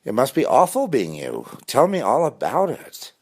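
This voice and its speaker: A man voicing a sarcastic stranger who taunts with mock friendliness in a high, sweetly mocking sing-song. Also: wildly swooping pitch, normal speed. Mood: taunting.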